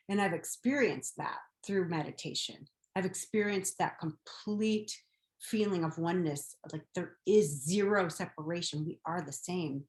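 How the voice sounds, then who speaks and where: Earnest woman, gentle spiritual talk. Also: lowish voice, reverberant. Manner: earnest, gentle storytelling about faith. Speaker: podcast host.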